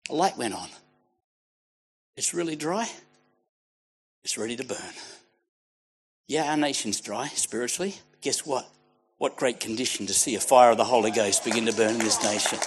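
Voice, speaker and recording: Australian man, preacher, fervent sermon, very lively swooping pitch, mid-range voice, hushed lines building to shouts. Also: moderate pace, long pauses, husky.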